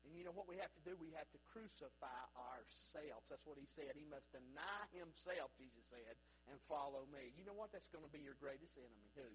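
High, bright-voiced husky preacher. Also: male voice, lively intonation, fairly quick, hardly any pauses, a little hiss or hum, poor audio. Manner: preaching with swings from loud and high to low and quiet. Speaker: pastor. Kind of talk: sermon. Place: church sanctuary.

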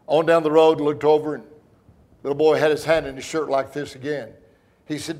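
A man preaching a sermon, telling stories earnestly and with emotion, slowing down for emphasis. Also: fairly high pitch, flat delivery, darkish tone.

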